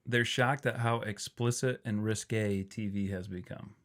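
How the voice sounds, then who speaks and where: This man in his forties co-hosts a podcast, chatting casually and joking, often laughing as he reads items off a list. His voice is lowish and steady, fairly bright, at a moderate pace.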